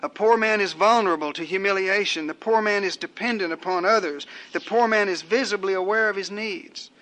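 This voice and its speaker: An older man preaching a sermon in a measured, rhetorical way, building his points through repeated phrases. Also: sits high, sharp tone.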